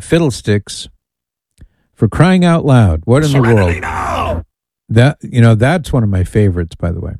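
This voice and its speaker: A man's voice: on the low side, mellow, no echo. A man hosting a call-in radio talk show, chatty and amused as he reads listener emails aloud. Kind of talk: casual call-in radio chat.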